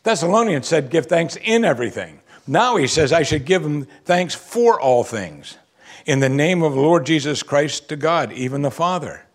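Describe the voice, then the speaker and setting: A man preaching a sermon, swinging from quiet low asides to loud emphatic exclamations. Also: expressive, normal speed. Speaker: pastor.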